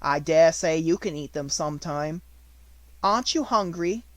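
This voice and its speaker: A man's voice: on the high side, moderate pace, a bit bright, no room sound, close to an everyday voice. A man voicing a cheerful, stout, motherly baker woman who is good-natured and hearty.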